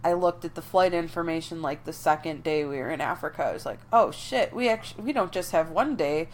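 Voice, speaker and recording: Chatty young woman podcast co-host, lowish voice. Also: fast, a little mellow, slight background noise. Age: young adult. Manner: chatty, storytelling with many "like" fillers. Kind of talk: casual chat.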